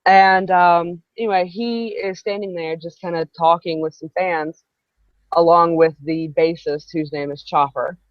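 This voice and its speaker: A woman's voice: on the low side, steady tone, measured pace, no echo. Chatty woman telling a story on a dull live stream. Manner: chatty, rambling storyteller who breaks off for asides. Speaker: host. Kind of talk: casual storytelling on a live broadcast.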